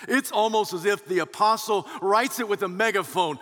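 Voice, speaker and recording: Bright-voiced guy preaching a sermon, big swells and hushed drops, long church reverb. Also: high voice, moderate pace, hardly any pauses. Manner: emphatic preaching, swelling and dropping for emphasis. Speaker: pastor. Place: large church sanctuary.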